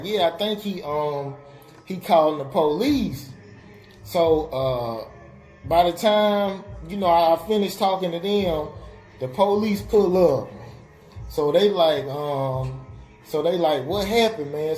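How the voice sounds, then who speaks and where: A man's voice: a little high, darkish tone. A young man casually telling a story on a web radio show, full of fillers and acted-out quotes. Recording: roomy with faint music behind.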